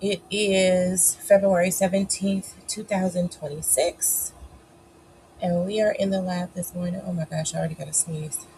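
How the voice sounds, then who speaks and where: A woman's voice: lowish voice, flat delivery, moderate pace, dark tone, slight background noise, low-quality recording. Sniffly, chatty woman hosting a live stream. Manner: chatty, playful, encouraging with lots of "y'all" and "child". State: sniffly, coming down with a cold. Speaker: host of a live writing session. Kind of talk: casual live-stream chat.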